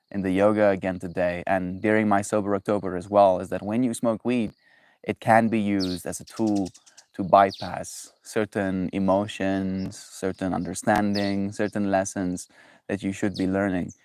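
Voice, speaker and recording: Brief: laid-back male streamer, rambling and warm to chat, lowish voice, dry close sound. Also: flat delivery, normal speed, clear, resonant tone, no room sound. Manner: rambling, loose, talks to chat, says bro. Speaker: livestream host. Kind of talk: casual livestream chat.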